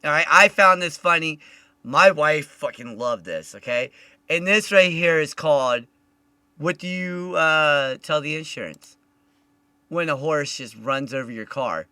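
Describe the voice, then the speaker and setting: Male host, high and very bright voice, loud, profane, animated; dry close sound. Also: measured pace, clean tone, no echo. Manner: loud, animated, swears a lot. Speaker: podcast host. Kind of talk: casual chat.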